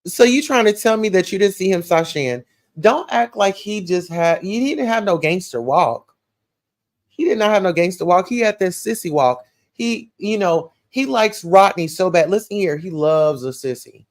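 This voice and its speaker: Sassy Southern woman, livestream gossip host reading comments, animated and chatty. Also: on the low side, moderate pace. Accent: Southern US, Atlanta. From Atlanta, USA. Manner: sassy, animated, calls listeners child and baby.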